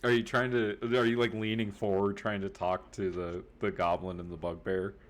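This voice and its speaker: A man narrating as game master of a tabletop game, setting scenes in a relaxed, amused way. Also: sits low, moderate pace.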